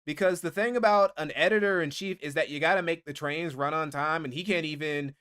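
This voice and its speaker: A man's voice: fairly high pitch, fairly quick, fairly bright tone, clear, resonant tone. Profane ranting streamer man. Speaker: streamer reading donations. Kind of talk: casual livestream commentary.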